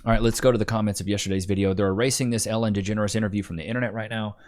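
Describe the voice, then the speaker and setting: A man's voice: fairly low pitch, fairly even intonation, very fast, a little mellow. A young adult man hosting a casual vlog, rambling through stories in slangy talk full of "dude" and "bro". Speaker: YouTube commentator.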